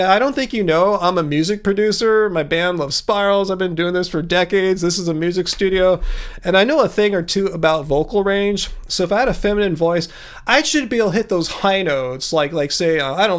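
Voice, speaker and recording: A man in his fifties hosting a casual livestream from a home music studio, with a sing-song baritone voice that leaps high to stress words. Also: a bit bright. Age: 50s. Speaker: livestream host.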